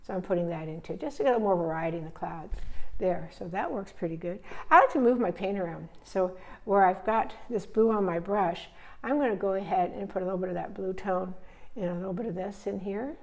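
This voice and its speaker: A woman teaching painting, relaxed and thinking aloud step by step as she paints. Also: medium pitch, a little fast. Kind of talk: narrating a live painting demonstration.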